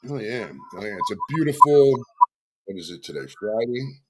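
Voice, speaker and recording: A man's voice: medium pitch, big pitch swings, normal speed, noisy background. A man hosting a live-streamed interview show, talking casually and cursing while he fights with his audio setup. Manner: casual, profane, flustered by audio trouble. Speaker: podcast host. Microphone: streaming setup with computer mic.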